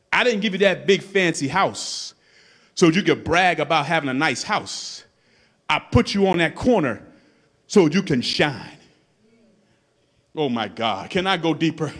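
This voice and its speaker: Animated high-pitched preaching pastor. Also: male voice. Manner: preaching with rising shouts and repetition. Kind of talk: sermon.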